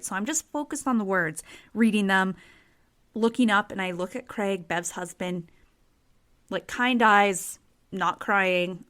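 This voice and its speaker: A woman hosting a true crime podcast, telling stories in a chatty, expressive way and leaning on casual fillers. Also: mid-range voice. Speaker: podcast host.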